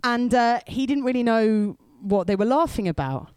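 Lively woman preaching. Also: on the high side, normal speed, smooth, no echo. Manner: chatty storytelling with asides to the crowd. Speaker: speaker at a youth event. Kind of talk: sermon.

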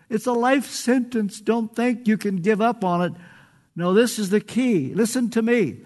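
A man's voice: high-pitched, unhurried, a little mellow. An older man preaching a sermon, earnest and pleading, stretching out phrases for emphasis.

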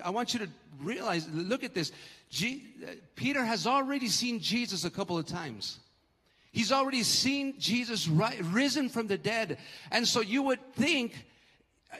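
Guy preaching a sermon, pretty high voice, acts out the quotes, long church echo on a live stream. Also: pushed and bright. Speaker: pastor. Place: church sanctuary.

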